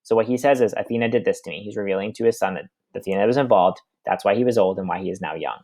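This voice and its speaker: A man's voice: fairly low pitch, racing, a little mellow, no room sound. Teacher type, young man, reads then paraphrases loosely, chatty filler-laden explanations. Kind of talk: reading aloud and explaining a text.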